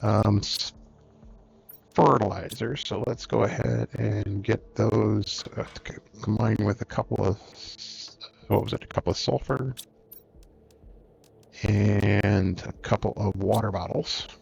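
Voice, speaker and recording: A man hosting a game let's-play, thinking aloud in an unhurried way as he plays. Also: fairly low pitch, steady tone, creaky, darkish tone, husky. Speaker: gaming channel host. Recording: dull lo-fi recording, faint music.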